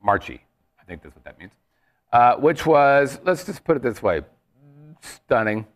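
A man's voice: mid-range voice, big pitch swings, unhurried. A man hosting a show, telling a story in a casual, jokey way. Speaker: show host. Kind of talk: casual chat.

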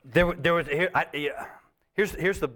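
A middle-aged man, a comedian guest, telling a stand-up story with lively acted-out voices and frequent laughs. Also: on the high side, normal speed. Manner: animated storyteller, acts out voices, laughs often.

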